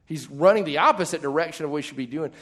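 A male pastor preaching a sermon in a conversational way, with quick asides and jokes. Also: a little high, a bit bright.

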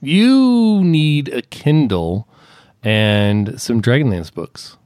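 A man's voice: medium pitch, animated, drawn-out words, darkish tone, no echo, clean studio sound. A man hosting a casual podcast with a friend, joking around, swearing freely and rambling. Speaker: podcast host.

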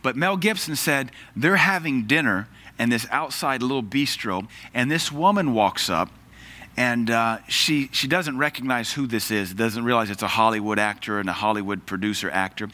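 Bright clear preacher guy, earnest sermon, reads scripture with emphasis. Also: medium pitch, moderate pace.

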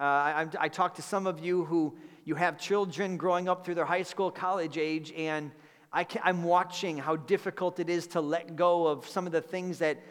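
Male pastor preaching; earnest, conversational, slightly high-pitched, with reverb from a large hall. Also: fairly bright tone. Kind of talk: sermon. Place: church sanctuary.

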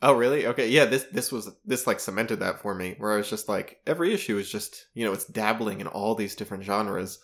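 A man's voice: lowish voice, expressive, fairly quick, few pauses, a bit bright. A man co-hosting a casual podcast, rambling through his thoughts with many fillers and restarts. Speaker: podcast co-host discussing comics. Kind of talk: casual chat.

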